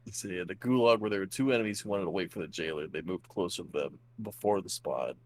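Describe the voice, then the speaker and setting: A young man co-hosting a podcast, speaking in a low-key, casual way. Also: fast talker. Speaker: podcast co-host. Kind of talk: casual chat.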